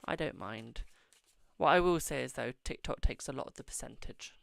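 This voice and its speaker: A man's voice: mid-range voice, moderate pace, vocal fry, no room sound. A man hosting a casual live-stream tarot reading, chatting affectionately with viewers and calling them "my darling".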